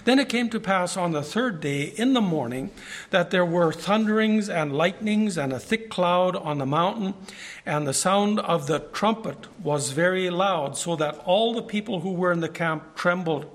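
High-voiced man teaching scripture. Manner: reads scripture aloud, then comments. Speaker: preacher. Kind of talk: Bible teaching sermon.

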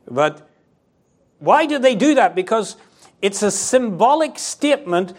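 Animated high-voiced male preacher. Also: unhurried. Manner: animated, acts out quoted voices with sharp pitch swings. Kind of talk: sermon.

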